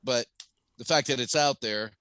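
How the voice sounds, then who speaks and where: A man's voice: medium pitch, moderate pace, sharp tone, clear, resonant tone, no room sound. A man co-hosting a sports podcast, talking casually in an opinionated, wry way. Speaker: podcast co-host.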